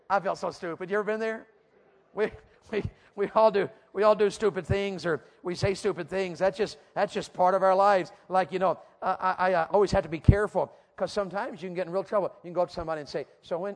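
Emphatic high-voiced preacher. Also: male voice. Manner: emphatic, repetitive, swings from loud to hushed. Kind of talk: youth sermon. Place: church.

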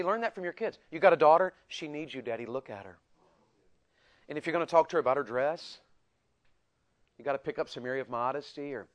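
A middle-aged man preaching a sermon to men, swinging between loud and soft and acting out voices. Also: fairly high pitch.

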